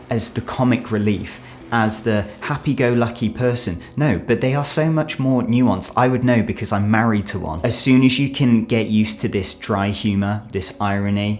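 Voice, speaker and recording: A young man with a British accent talks straight to camera in a chatty, earnest vlog. His voice sits on the low side, and he slips into small acted voices to make a point. The sound is clean and close, from a studio mic. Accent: British English. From Britain. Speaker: travel YouTuber. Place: home studio.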